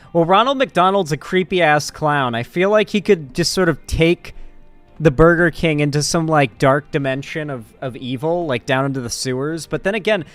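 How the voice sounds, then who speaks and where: A man streaming casually, joking and reading his chat aloud in an animated way. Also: fairly high pitch. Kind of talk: casual live-stream commentary.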